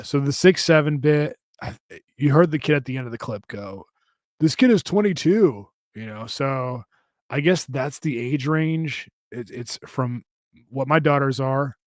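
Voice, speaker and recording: A man's voice: medium pitch, no echo. Rambling casual man on a dry podcast mic. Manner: rambling, profane, many fillers and restarts. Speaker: podcast co-host. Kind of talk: casual live-stream chat reading comments.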